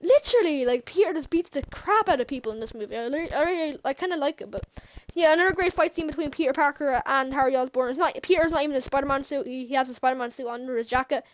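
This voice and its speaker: A female movie reviewer recaps a film quickly, her high voice running with hardly any pauses. She rambles casually, laughing often and restarting sentences again and again.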